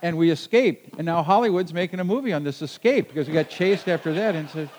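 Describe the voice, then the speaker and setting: A man telling a personal adventure story to a listener, lively and halting, with frequent restarts. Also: fairly high pitch, a little hiss or hum, poor audio.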